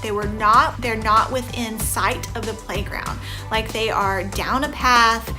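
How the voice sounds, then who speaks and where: Rambly woman in her 30s vlogging her reaction, kinda high voice, music going in the back. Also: fairly even intonation, unhurried. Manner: chatty and rambling, many "you know" fillers. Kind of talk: casual reaction commentary. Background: background music.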